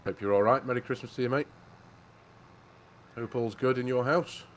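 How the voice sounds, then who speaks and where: Co-hosting a farming game livestream, this man keeps the chat casual and jokey, reads out what viewers write, and calls people "mate" often. He speaks in a mid-range voice at a moderate pace, over a slight hiss or hum.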